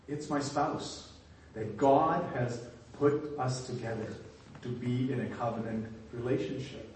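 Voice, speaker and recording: A man's voice: medium pitch, fairly even intonation, measured pace, darkish tone. A man preaching a sermon in an earnest way, often repeating words as he restarts his phrases. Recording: very echoey hall from far off.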